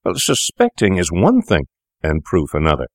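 Deep-voiced reader doing a nervous young student, earnest and a bit higher, dry sound. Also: male voice, huge pitch swings, normal speed, no echo, full character voice. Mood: worried. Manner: worried, earnest. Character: anxious young male medical student.

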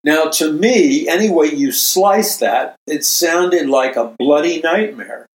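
Brief: older male Christian speaker, unhurried emphatic preaching, roomy echoey recording. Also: on the high side. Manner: slow, emphatic, repeats phrases for stress. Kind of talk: preaching monologue. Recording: roomy echo.

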